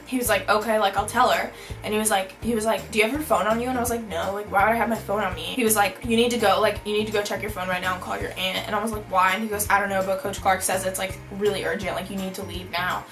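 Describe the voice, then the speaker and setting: A young woman telling a storytime vlog, bubbly and animated, saying "like" constantly. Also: mid-range voice, low-quality recording. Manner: bubbly, animated, heavy use of "like". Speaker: vlogger.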